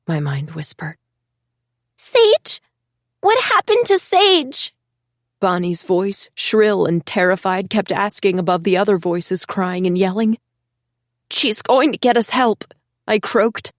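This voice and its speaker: A woman reading a first-person thriller audiobook in an emotional, hushed storytelling voice. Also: medium pitch, no room sound, studio quality. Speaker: audiobook narrator.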